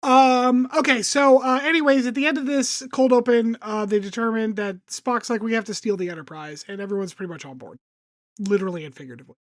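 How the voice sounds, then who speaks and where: A woman co-host recaps the story in casual chat, full of ums and likes, slipping into quick impressions of the characters. Her voice sits a bit high. The sound is close and dry. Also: dry recording. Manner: chatty recap with lots of um and like, acts out characters' lines. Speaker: podcast co-host summarizing the episode.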